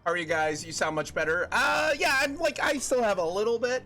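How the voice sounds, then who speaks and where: A man's voice: sits high, very animated, fairly quick, bright, forceful tone, soft background music. A man streaming a video game live, joking with his chat and laughing often. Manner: jokey, laughs often, chats with viewers.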